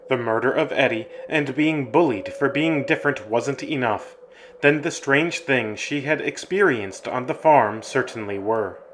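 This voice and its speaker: A man tells a scary story in a steady, ominous narrating voice at a middling pitch. His reading is measured and deliberate, with a faint hiss in the background. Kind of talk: scripted horror story narration.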